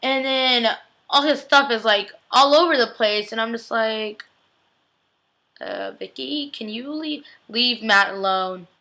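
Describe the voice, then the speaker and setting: A woman's voice: on the high side, very animated, slow, pushed and bright, rough recording. A young woman giving a casual, chatty TV episode recap, gushing and peppering her talk with "like". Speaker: TV recap vlogger.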